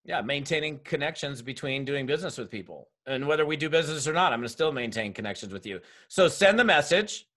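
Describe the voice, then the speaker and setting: A man with a voice that sits a bit high runs a group coaching session over a video call. He is energetic and direct and talks straight to his listeners. He speaks as a network marketing trainer. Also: fast, few pauses.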